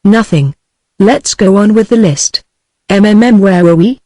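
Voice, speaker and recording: A woman's voice: medium pitch, measured pace, warm tone, no echo, close to an everyday voice. A synthetic woman's voice with a British English accent, reading the lines of an eager, chatty rich young woman.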